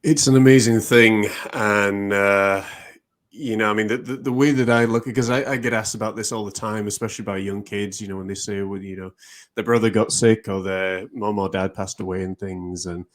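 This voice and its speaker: A male host with a fairly low voice talks in a relaxed interview. He speaks reflectively and often pauses on fillers as he gathers his thoughts. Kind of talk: casual interview talk.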